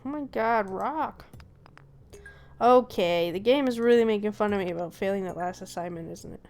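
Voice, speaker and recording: A woman streamer chats casually while playing, excitable and prone to talking to herself. Her voice sits at an ordinary middle pitch, with a faint hiss in the background. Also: moderate pace. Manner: chatty, excitable, talks to herself. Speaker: gaming streamer. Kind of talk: casual let's play commentary.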